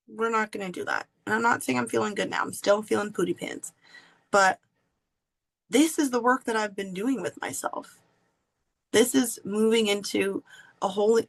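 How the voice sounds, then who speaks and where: A woman podcast host telling a personal story in an earnest, confessional way with drawn-out pauses. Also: medium pitch, gravelly.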